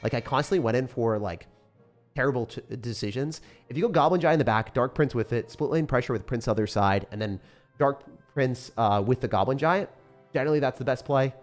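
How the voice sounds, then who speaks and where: A young man giving rambling, casual commentary on his gameplay, excitable and sometimes swearing. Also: medium pitch, brisk, soft background music. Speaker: gaming YouTuber.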